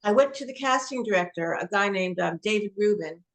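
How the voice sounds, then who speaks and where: A woman's voice: mid-range voice, expressive, brisk. A woman from New Jersey, an actress guest telling anecdotes in a casual interview. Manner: warm anecdotal storytelling.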